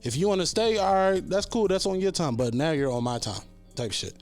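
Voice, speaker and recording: A man's voice: high-pitched, brisk, soft background music. A man who works as a barber, talking casually and bluntly on a podcast, with lots of swearing. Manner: blunt, profane, animated storytelling.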